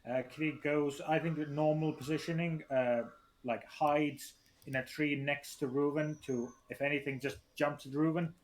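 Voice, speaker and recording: A man's voice: a little high, steady tone, normal speed. A man playing a tabletop role-playing game, describing his character's moves while thinking aloud with hesitations. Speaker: player.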